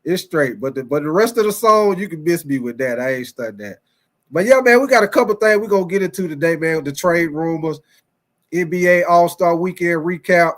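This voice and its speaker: A young man with a drawl hosts a loose sports talk show in a fairly high voice. He rambles in an animated way, laughs often and circles back to repeat his lines as he calls out to viewers. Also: a little fast. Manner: animated, laughing often, repeats phrases, reads live chat. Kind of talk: casual chat.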